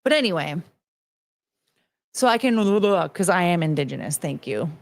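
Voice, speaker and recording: A woman's voice: on the low side, very animated, normal speed, gravelly, no echo. A young woman hosting a casual commentary stream, rambling and swearing, slipping into mocking voices when she quotes people. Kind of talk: casual rambling livestream chat.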